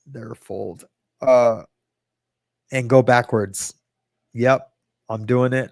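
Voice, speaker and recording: Speaking very slowly with vocal fry, a middle-aged man hosts a livestream podcast, rambling casually, reading chat comments aloud and mocking himself. His medium-pitched, darkish voice stays fairly even in intonation. The studio-quality recording has no room sound.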